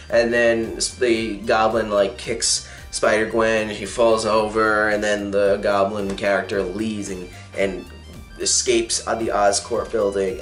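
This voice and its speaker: A man's voice: mid-range voice, fairly bright tone. A young man casually reviewing a comic, recapping the plot in a rambling way with many fillers and restarts. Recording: echoey room with faint music.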